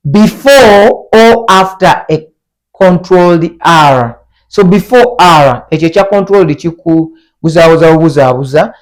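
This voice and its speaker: A young man teaching an online language lesson, repeating each word slowly for learners to copy. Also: a little high.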